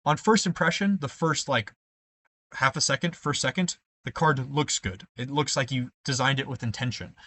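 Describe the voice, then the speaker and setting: A young man walks through debate evidence formatting in a tutorial voice. He explains step by step, dropping in ums and checking in with "right?" as he goes. His pitch sits in an ordinary middle range. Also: moderate pace, pushed and bright. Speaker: debate coach. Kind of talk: screen-share tutorial.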